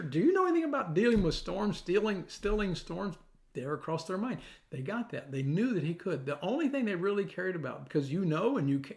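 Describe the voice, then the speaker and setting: A middle-aged man preaching a sermon, telling a story with acted-out quotes and sudden drops to a soft, near-whispered voice. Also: sits high. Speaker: pastor.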